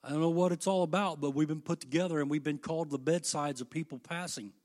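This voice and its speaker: A middle-aged man preaching a sermon, folksy and impassioned, moving between hushed asides and loud, emphatic peaks. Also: a little high, steady tone, fast.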